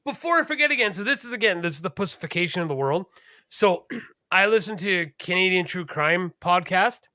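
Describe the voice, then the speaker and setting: High, bright-voiced man in profane chat. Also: fairly quick, no room sound, studio quality. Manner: profane, rambling and animated. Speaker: podcast co-host. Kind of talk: casual chat.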